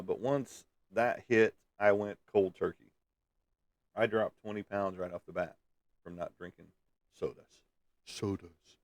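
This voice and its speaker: Man, very low voice, dry close sound, folksy rambling casual chat, chuckles often. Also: no echo. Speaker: livestream host reading viewer comments.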